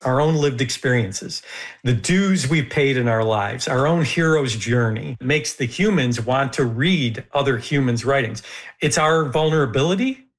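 A man's voice: medium pitch, expressive, measured pace. A man speaking earnestly and reflectively in an interview clip.

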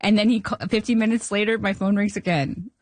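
Woman telling a lively story in an interview. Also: medium pitch, fast, no echo. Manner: lively storyteller, acting out quoted dialogue. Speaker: guest filmmaker. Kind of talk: anecdotal interview talk.

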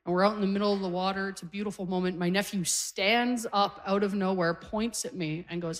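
A woman's voice: medium pitch, steady tone, fairly quick, few pauses, big-room sound. Brief: Canadian woman comic, forties, chatty and self-mocking on stage. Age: 40s. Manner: chatty, self-deprecating, laughing through lines. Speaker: stand-up comedian. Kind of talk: stand-up set. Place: comedy stage before a live audience.

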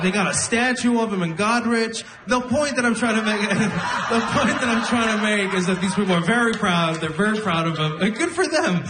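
A man's voice: sits high, noisy background. Wry male stand-up comedian on stage. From Arab region. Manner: wry, self-deprecating storytelling with quick character voices. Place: comedy stage with a laughing audience.

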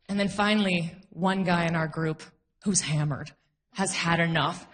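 A woman performing a stand-up comedy set on stage to a live audience, animated, with quick asides and laughs at her own jokes. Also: on the low side, in a large hall.

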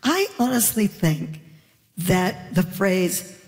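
A middle-aged woman from Canada, a panel guest who tells animated stories and laughs through her words. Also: medium pitch, slow, big-room sound. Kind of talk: casual panel chat.

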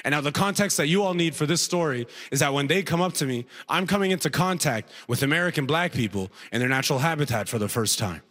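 A man telling a stand-up comedy story, animated and chuckling at his own jokes. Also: fast talker, hardly any pauses. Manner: animated, swings from high to low for punchlines.

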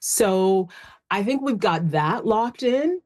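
A woman's voice: mid-range voice, animated, slow pace, a little mellow. A Canadian woman speaking as a panelist, casual with many fillers. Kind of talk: panel discussion.

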